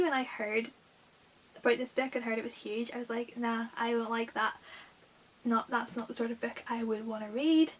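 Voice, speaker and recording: A woman's voice: fairly high pitch, rough recording. A young woman chatting casually about books she read, with lots of filler words. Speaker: book vlogger. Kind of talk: casual book review chat. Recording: faint hiss.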